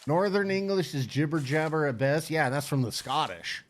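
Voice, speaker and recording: A man's voice: a little high, lively intonation, moderate pace. A middle-aged man hosting a game stream, chatting casually with blunt, profane rambling. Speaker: streamer host.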